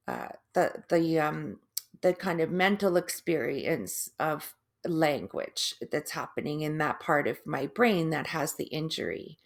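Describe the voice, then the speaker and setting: Middle-aged woman vlogging, low-pitched, very slow, halting speech with odd stress and restarts. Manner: halting, with restarts and long pauses; drawn-out, oddly stressed syllables. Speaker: vlogger sharing her stroke recovery. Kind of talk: casual personal video.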